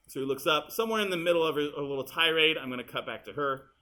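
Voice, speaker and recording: A male teacher walking students through an editing demonstration in a high school classroom, casual and chatty as he works. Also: expressive, brisk, bright, forceful tone. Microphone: room mic, uneven audio quality.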